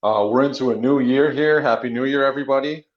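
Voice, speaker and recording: A man co-hosting a podcast in relaxed, joking chat. The recording sounds slightly dull and lo-fi. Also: mid-range voice, quick pace. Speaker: co-host.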